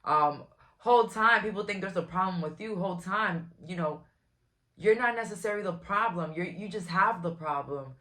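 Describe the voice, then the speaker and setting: A woman's voice: on the low side, moderate pace, a bit bright. A woman, giving a casual, frank tarot reading to camera in a chatty, blunt way. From Brooklyn, New York. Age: 20s. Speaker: tarot reader.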